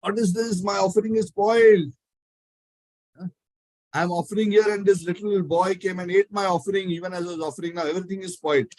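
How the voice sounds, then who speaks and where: A man's voice: medium pitch, fairly even intonation, quick pace, pauses often, husky, dry recording, voice pushed down, natural voice, rough recording. A man voicing an indignant male priest whose offering was spoiled, exclaiming and plaintive. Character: indignant male priest, upset then resigned.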